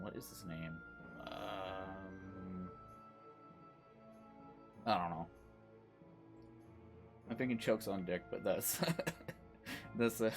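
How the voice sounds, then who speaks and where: A man streaming a game playthrough, rambling casually and chatting to his viewers in a self-mocking way. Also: low voice.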